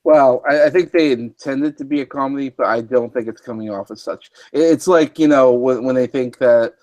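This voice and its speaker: A man's voice: mid-range voice, a little fast, a little mellow, no room sound. A man hosting a casual group stream chat, talking hesitantly with many fillers and restarts. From Canada.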